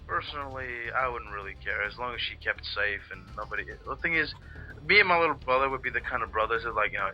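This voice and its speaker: Man, russian accent, rambling crude banter, very bright voice, faint music. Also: mid-range voice, animated, fast, dull audio. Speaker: let's play co-host. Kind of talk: casual gaming chat.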